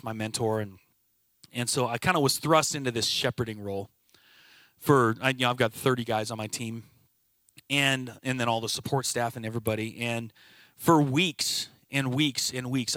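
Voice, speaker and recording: A man's voice: medium pitch, fairly bright tone, no echo. A middle-aged man sharing a personal testimony about his work life, reflective and earnest, telling it as a story. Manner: storytelling, quoting others in conversation. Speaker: team leader at a brokerage.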